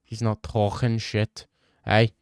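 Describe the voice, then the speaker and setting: A man's voice: fairly low pitch, completely flat delivery, takes it slowly, smooth, no echo, studio quality. A young man, chatting casually on a live stream and answering his chat in a brash, joking way. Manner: brash, joking, swears a lot.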